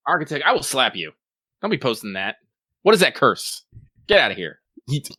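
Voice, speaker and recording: Animated podcast guy in his late twenties. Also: medium pitch, normal speed, husky, dry recording, studio quality. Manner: animated, heavy use of "like", jokey. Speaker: podcast co-host reading listener mail. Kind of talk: casual gaming podcast chat.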